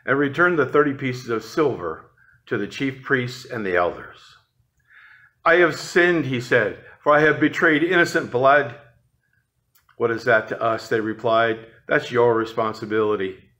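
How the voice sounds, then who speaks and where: A man reads scripture aloud in a steady, measured way. His voice sits in an ordinary middle range for a man. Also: mid-range voice. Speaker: scripture reader. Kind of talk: prerecorded scripture reading.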